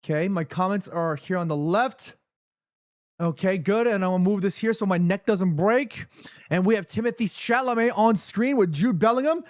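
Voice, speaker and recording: Streaming a football watchalong, a man thanks viewers by name, reads chat aloud and rallies them, swinging from hype to nervous murmurs. His high voice moves at a normal speed, in a dry, studio-quality recording.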